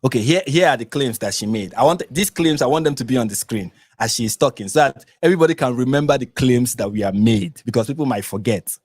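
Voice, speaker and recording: A man's voice: medium pitch, fast talker, hardly any pauses, darkish tone, slightly rough, dry recording. A man with a Nigerian accent hosting a live reaction stream, talking in an exasperated, repetitive, emphatic way. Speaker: reaction channel host.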